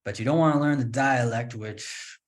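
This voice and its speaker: A man from Canada hosting a relaxed interview, talking at an ordinary mid pitch. He is chatty and opinionated and jokes as he goes. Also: normal speed. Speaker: host and English teacher. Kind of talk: casual interview chat.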